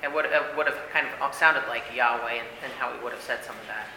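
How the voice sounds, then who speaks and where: A man's voice: mid-range voice, fast talker, bright, forceful tone. A man leading a casual church Bible study, talking emphatically with many fillers and "right?" tags. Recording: echoey hall with faint room noise.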